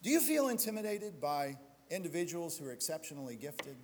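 A man's voice: fairly high pitch, very animated, a little fast, darkish tone, in a large hall, a little hiss or hum. A male pastor preaching a sermon, building to emphatic exhortation and slipping into self-deprecating storytelling asides.

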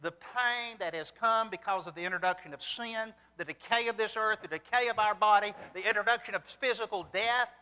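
Speaking a little fast with hardly any pauses, a man with a high, clean-toned voice delivers an earnest sermon. Very bright and forceful, he reads scripture aloud and poses rhetorical questions, the sound carrying a long hall reverb like a church sanctuary.

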